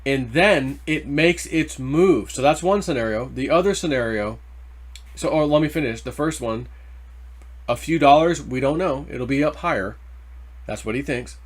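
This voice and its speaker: A man hosting a casual crypto video, rambling through price talk in loose slang and getting worked up over the numbers. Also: medium pitch. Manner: rambling, excitable, quick to get worked up over price ticks. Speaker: crypto channel host. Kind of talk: casual market commentary.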